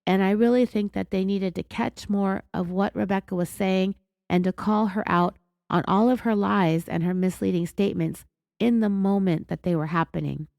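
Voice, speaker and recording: A woman with a California accent hosting a true crime podcast, raspy from being sick, telling the story in an indignant, sarcastic way. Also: mid-range voice, steady tone, moderate pace, darkish tone, no room sound, clean studio sound. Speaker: podcast host.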